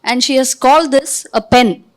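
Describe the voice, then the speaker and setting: A woman running an interactive training session for a live audience, giving directions and quizzing them with quick questions. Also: high voice. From India. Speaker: workshop trainer. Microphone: podium microphone.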